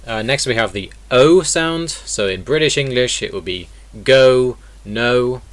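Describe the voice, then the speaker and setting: A man's voice: mid-range voice, expressive, a little slow, a bit bright. A man teaching an online lesson in a casual way, explaining step by step and repeating example words. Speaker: accent teacher.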